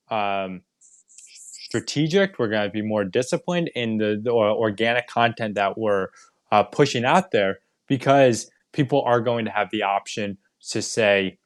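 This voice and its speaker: A man's voice: lowish voice, clean tone, dry recording, clean studio sound. A man giving a live online training on digital marketing, explaining step by step with frequent fillers and restarts over a video call.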